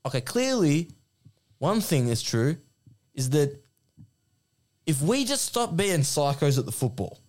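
A man's voice: a little high, big pitch swings, a little slow, pauses often, a little mellow. A young Australian man chatting casually on a podcast, rambling and swearing freely. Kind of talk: casual chat.

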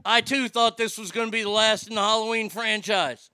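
A man's voice: high-pitched, fairly even intonation, brisk, pushed and bright, clear, resonant tone, no echo, clean studio sound. A man ranting casually and profanely about movies while reading out listener comments. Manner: swearing, exasperated ranting.

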